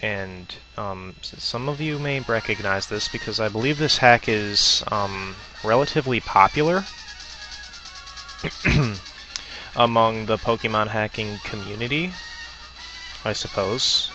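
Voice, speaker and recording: A man's voice: fairly low pitch, a little slow, music in the background, rough recording. A man giving casual gameplay commentary, hesitant with lots of ums and self-corrections. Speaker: let's player.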